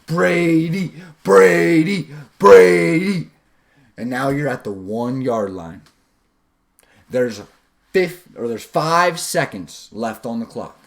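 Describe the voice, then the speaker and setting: Animated man giving a motivational talk. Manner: animated, swings pitch up and down for emphasis; casual, slangy, with guided visualizations. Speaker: self-improvement video host.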